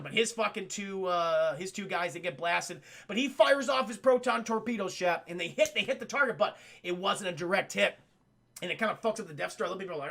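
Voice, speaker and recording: A young man streaming a casual film recap to his chat, excitable and swearing as he acts out scenes. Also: sits high, brisk, gravelly.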